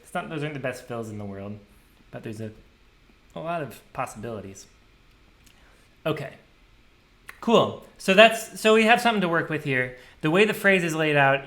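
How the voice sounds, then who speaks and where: A man walking through a program he wrote, thinking aloud in a relaxed, casual way and scatting drum rhythms. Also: medium pitch. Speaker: programmer demonstrating his software. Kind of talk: casual screen-share tutorial.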